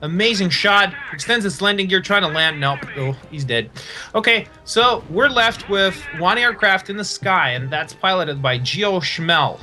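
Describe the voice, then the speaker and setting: A man commentating a live esports tournament, excitable, laughing easily and filling gaps with fillers. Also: high voice, faint music behind. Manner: rapid play-by-play calls.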